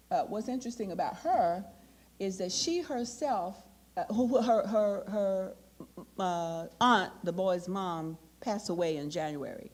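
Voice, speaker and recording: An older American woman answering a question at a conference, telling a story and acting out the quotes. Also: medium pitch. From United States. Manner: animated, with acted-out quotes. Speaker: keynote speaker.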